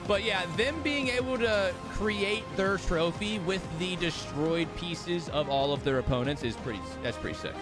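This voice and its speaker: Loud music sits behind a young man's high voice as he hosts a watch-party livestream at a measured pace with few pauses. Yawning and sleepy, he chats, swears constantly, rants, and tells stories animatedly.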